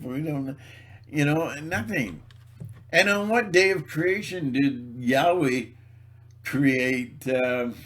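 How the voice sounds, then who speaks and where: A man's voice: fairly high pitch, vocal fry. A man in a rambling solo video monologue, sarcastic and mocking, laughing at his own jokes and stumbling over repeated words. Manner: halting, repeats words and restarts. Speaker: video blogger.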